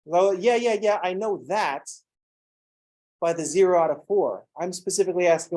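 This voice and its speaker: Male math lecturer, slightly high voice, sarcastic and jokey, acts out students. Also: a little fast, pauses often, darkish tone, poor audio. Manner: joking, sarcastic asides. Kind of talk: recorded classroom lecture.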